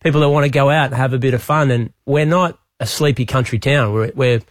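An Australian man speaking as a politician guest in a casual radio interview, relaxed and full of restarts. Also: medium pitch, fairly quick, dry recording. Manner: relaxed, talks in restarts and fillers. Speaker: state premier, radio guest.

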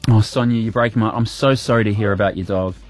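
A man's voice: on the low side, fairly even intonation, quick pace, soft background music. Chatty radio host man. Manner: chatty, repeats words, warm-hearted teasing. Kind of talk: casual radio chat. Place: radio studio.

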